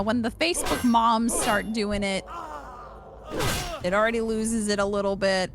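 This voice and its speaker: A woman co-hosting a live game stream in casual chat, greeting viewers and joking along. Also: medium pitch. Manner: chatty, greets chat and joins in on jokes. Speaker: streamer co-host.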